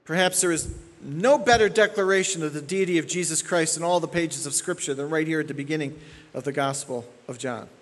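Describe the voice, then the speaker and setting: A pastor preaches an expository sermon in a fairly high, fairly quick voice, with a long reverb tail trailing his words. He is emphatic, repeats key phrases, and checks in with his listeners.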